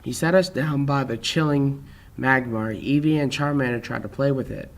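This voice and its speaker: Man reading a fan story aloud. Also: medium pitch. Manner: plain, unhurried reading with small slips.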